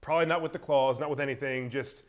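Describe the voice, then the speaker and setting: Quick, upbeat male co-host. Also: medium pitch, steady tone. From Baltimore, Maryland. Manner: brisk, upbeat, chatty. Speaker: co-host reading viewer comments. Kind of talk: casual entertainment news chat.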